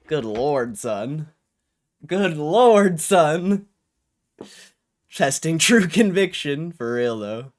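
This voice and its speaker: A man's voice: on the high side, expressive, takes it slowly. A young man hosting a livestream, ranting in an annoyed, swearing way with frustrated laughs. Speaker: livestream host. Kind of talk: casual livestream rant.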